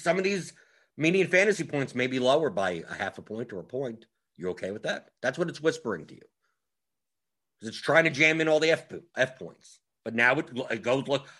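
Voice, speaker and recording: A man's voice: mid-range voice, animated, fairly quick, fairly bright tone. A man hosting a fantasy sports strategy show, explaining in a rambling, casual way and often repeating his words. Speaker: fantasy sports analyst host.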